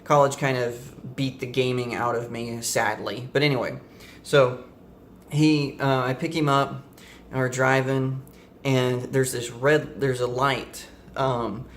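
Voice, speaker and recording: A man's voice: mid-range voice, little pitch movement, slow, a little hiss or hum. A young man vlogging, telling a casual story to the camera in a rambling way with many fillers and self-corrections.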